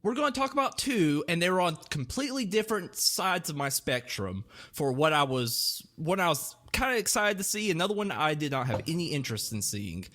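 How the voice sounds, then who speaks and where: Animated male podcast host, high voice, playful and self-mocking. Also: fairly quick, hardly any pauses. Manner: animated, jokey, self-deprecating. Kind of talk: casual movie review chat.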